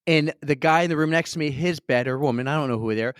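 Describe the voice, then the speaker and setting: A man co-hosting a podcast from a hotel conference room, telling stories in a loud, excitable, energetic way. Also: fairly high pitch, fast talker, clean tone, dry recording, studio quality. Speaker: podcast co-host. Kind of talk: casual chat. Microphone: computer setup.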